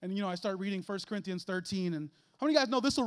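A young man from Chicago preaching a sermon in a church, animated, with loud emphatic bursts and quick asides. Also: high-pitched, smooth. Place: church sanctuary.

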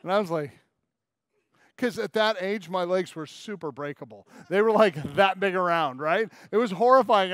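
A man's voice: high voice, expressive, normal speed, a bit bright, no echo, clean studio sound. A man in his forties preaching a sermon as pastor, telling stories and acting out quoted lines in little character voices.

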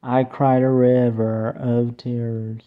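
A young man performing a homemade song, half sung and half spoken, in a plaintive, drawn-out way. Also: medium pitch, clear, resonant tone. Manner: plaintive, slow, mostly flat talk-singing with drawn-out "ooh" cries. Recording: tinny phone-like recording.

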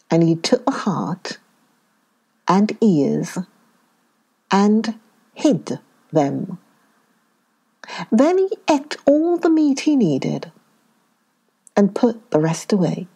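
Slow, expressive woman reading a children's story. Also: fairly low pitch, husky.

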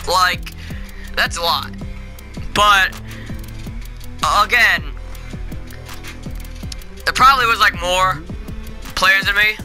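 A man with a somewhat high voice gives loose, filler-heavy commentary over his gameplay. Music plays clearly behind him. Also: takes it slowly, long pauses, sharp tone. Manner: rambling, filler-heavy, loses his train of thought. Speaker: gaming video creator.

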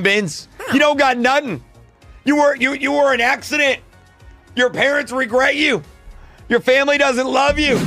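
A man's voice: high voice, sharp tone. A young man streaming a game, launching into a mock rant and roasting someone in chat. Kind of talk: gaming livestream chat.

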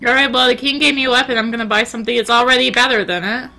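A woman's voice: fairly even intonation, racing, bright, forceful tone, faint music behind. A woman streaming a live game playthrough, reading the game text aloud with sarcastic comments. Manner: sarcastic, reads game text aloud, breaks into high squeals.

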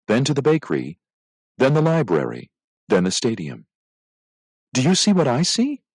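A male teacher reading a children's story aloud with expressive storytelling. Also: low-pitched, no room sound, poor audio.

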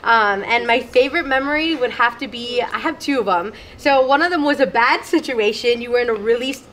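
A woman's voice: on the high side, a little fast, fairly bright tone, slight background noise. Earnest young woman giving an emotional toast. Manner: earnest, emotional, rambling with many fillers. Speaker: church staff member. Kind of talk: heartfelt toast among friends.

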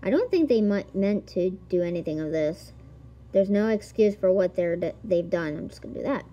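Giggly woman gamer, mellow voice. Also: fairly low pitch, lively intonation, normal speed, lo-fi sound. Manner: giggly, reads game text aloud, exclamatory. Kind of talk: let's-play commentary.

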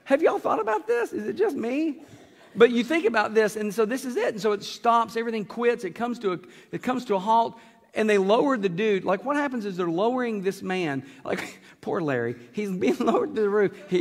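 Male pastor, high voice, acts out bits of the story, church hall echo. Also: brisk. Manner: animated storytelling, acting out characters with asides and laughs. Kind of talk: sermon. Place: church sanctuary. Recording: long hall reverb.

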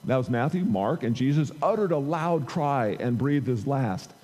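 Male pastor, conversational sermon, mellow warm tone, long church reverb. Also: mid-range voice, expressive, moderate pace. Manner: conversational preaching, reads scripture aloud with emphatic rises. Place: church sanctuary. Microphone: amplified microphone.

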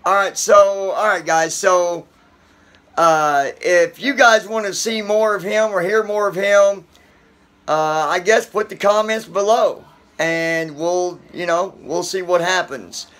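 A man hosting his online show in a casual, halting way with many filler pauses. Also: high-pitched, a bit bright. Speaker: host. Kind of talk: casual chat.

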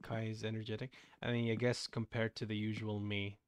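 A man's voice: lowish voice, little pitch movement, brisk, noisy background. A young man streaming a game and chatting casually, playful and teasing. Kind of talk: casual gaming stream chat.

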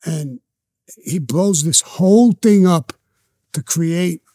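A man's voice: a little high, slow, mellow, dry recording, studio quality. An older man with a Brooklyn accent, telling long profane street stories bluntly as an interview guest. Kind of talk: storytelling interview.

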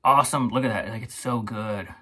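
A man's voice: on the low side, fairly quick, sharp tone, husky. A man hosting his own shaving channel, chatting casually and rambling through a product review, laughing often.

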